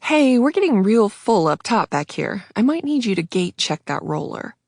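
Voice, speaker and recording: A woman voicing a brisk, chatty female flight attendant in an audiobook. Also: medium pitch, sing-song, a little mellow, no echo, clean studio sound, pitched above the performer's own voice.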